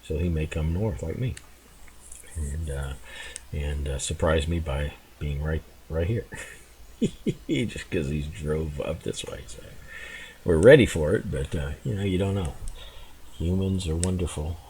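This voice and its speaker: A man giving relaxed, rambling commentary while playing a game, chuckling and restarting his thoughts as he goes. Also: a bass voice, unhurried, long pauses, a little hiss or hum. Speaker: gameplay commentator. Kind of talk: casual gameplay commentary.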